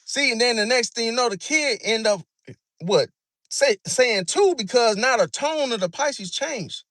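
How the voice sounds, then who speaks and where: A man's voice: very high voice, animated, unhurried, fairly bright tone, dry recording, clean studio sound. A man in a casual monologue about zodiac signs, slangy and repetitive, calling the listener bro. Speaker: astrology commentator.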